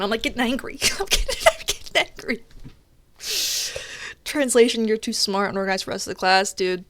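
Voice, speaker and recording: A young woman streamer chatting casually while gaming, telling a story in an animated way and swearing often. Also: mid-range voice, no echo.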